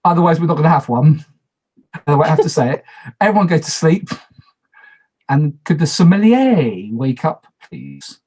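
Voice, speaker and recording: A man's voice: a little high, sing-song, normal speed, pauses often, darkish tone. A man moderating an online party game on a video call, talking casually, repeating instructions and making self-deprecating asides.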